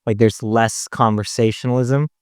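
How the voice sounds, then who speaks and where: A man's voice: mid-range voice, steady tone, normal speed, smooth, no echo, clean studio sound. A man hosting as a vocal coach, explaining singing technique in a casual, upbeat way. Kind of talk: casual reaction breakdown.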